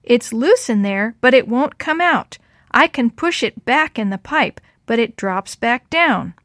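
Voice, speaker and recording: A woman voicing a young girl stuck in a hole, talking in an excited, raised way. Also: on the high side, normal speed, no echo, studio quality.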